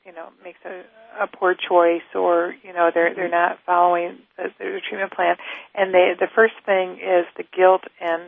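A woman hosting a radio interview, speaking gently with many fillers and restarts. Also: lowish voice, little pitch movement, normal speed, vocal fry, no echo, phone-quality sound. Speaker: radio show host.

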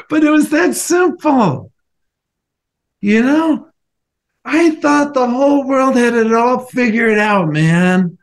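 A man, a former professional athlete, earnestly telling a personal story as a podcast guest, halting at times and acting out remembered conversations. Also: very high voice, animated. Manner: earnest, halting, acts out remembered phone calls.

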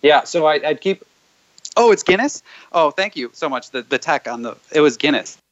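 Man hosting a call-in show, chatty and rambling, low steady chanted clearings, dull muffled audio. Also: normal speed. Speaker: host leading callers through clearing statements. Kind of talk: call-in coaching chat with chanted repeated clearings.

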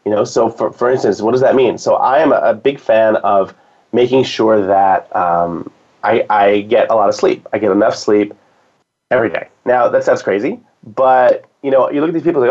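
A man's voice: on the low side, normal speed, darkish tone. A man talking casually as a guest, rambling with restarts and fillers. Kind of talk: casual conversation. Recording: dull lo-fi sound.

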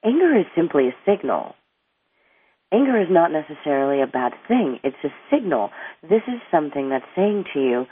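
A middle-aged woman with a husky, low-sitting voice and big pitch swings speaks at normal speed as an interview guest. An anger management coach, she explains her ideas earnestly, rambling a little and restarting sentences, over a tinny, dry phone line.

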